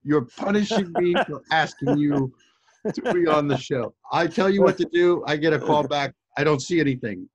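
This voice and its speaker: A man's voice: on the high side, normal speed, breathy edge. A man hosting a casual chat over a video call, teasing his guest in a joking way. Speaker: host.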